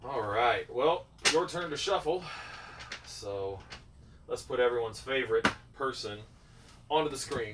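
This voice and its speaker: A man's voice: medium pitch, measured pace. A man casually chatting with his co-host over a card game and talking to viewers. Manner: easygoing, talks to viewers and the dog. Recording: distant mic with clear room noise.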